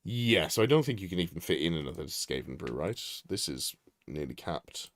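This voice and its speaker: A man's voice: sits low, very animated, normal speed. A man reviewing a tabletop army list on a live stream, thinking aloud, correcting himself and chatting to viewers. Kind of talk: casual live-stream commentary.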